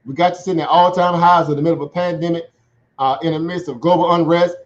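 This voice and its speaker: A man's voice: fairly high pitch, steady tone, fast talker. A man giving casual livestream commentary on the markets in a chatty way, laughing often and checking in with "right?". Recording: dull lo-fi sound.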